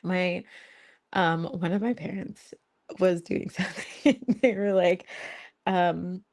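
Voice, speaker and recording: Creaky-voiced woman laughing through live chat. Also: on the low side, takes it slowly, a little mellow. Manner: laughs often, blunt and teasing, swears freely. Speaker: host of a live spiritual Q&A stream. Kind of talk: casual live-stream chat with viewers.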